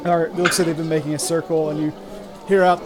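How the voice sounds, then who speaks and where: A game master narrating a tabletop game in a relaxed, halting way with many fillers. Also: mid-range voice, poor audio.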